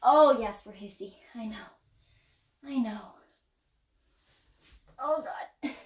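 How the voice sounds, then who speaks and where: Woman, higher voice, casual snake-handling vlog, chatty, laughs a lot, echoey indoor room. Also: takes it slowly. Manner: chatty, laughs often, excited whoops. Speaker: snake keeper vlogger. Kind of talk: casual show-and-tell vlog.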